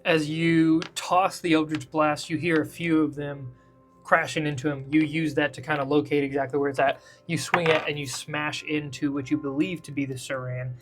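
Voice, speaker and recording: A man leads a tabletop game as its game master, his voice sitting a little high. He narrates casually, thinks out loud and laughs easily. Faint music plays underneath. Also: level tone, normal speed. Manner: casual, laughs often, thinks aloud while drawing the map.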